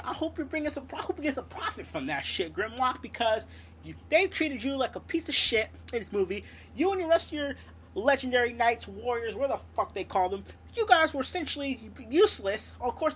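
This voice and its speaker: A woman tears into a blockbuster in a sarcastic, profanity-laden rant, stumbling and restarting as she heats up. Her voice sits somewhat high, with a faint hiss of noise behind it. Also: a bit bright. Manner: heated, sarcastic and heavily profane, with many restarts. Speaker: movie critic ranting on an audio show.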